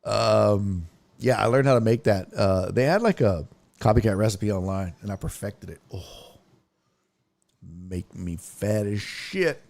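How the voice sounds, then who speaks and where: Slow-talking, profane man hosting sports chat. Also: lowish voice, vocal fry, a little mellow. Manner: profane, ranting, rambling. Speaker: sports podcast host. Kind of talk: casual sports talk.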